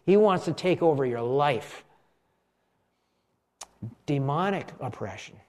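A middle-aged pastor with a fairly high voice preaches in an easy, conversational way. He drifts into side stories, then slows right down to stress key lines. He leads his listeners in repeating them back to him. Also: animated, darkish tone. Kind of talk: sermon.

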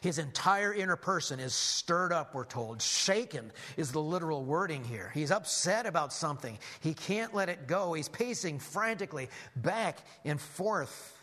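A man preaching a sermon as a lively story, animated, with frequent restarts. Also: fairly high pitch, normal speed, hardly any pauses.

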